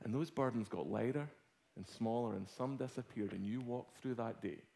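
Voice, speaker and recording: A middle-aged Scottish man preaching a sermon as a guest speaker, telling a personal story with swings from hushed to loud. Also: mid-range voice, moderate pace, creaky. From Scotland.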